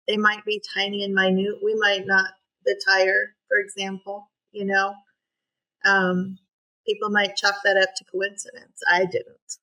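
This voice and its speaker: A middle-aged woman tells a personal story as a podcast guest, earnest and halting, her voice at an ordinary middle pitch. She often breaks off and restarts her sentences. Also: sharp tone, poor audio.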